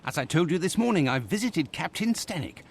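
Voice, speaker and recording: An earnest doctor sidekick, lively and higher. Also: male voice, a little fast, slightly rough, exaggerated voice. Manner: earnest, explanatory.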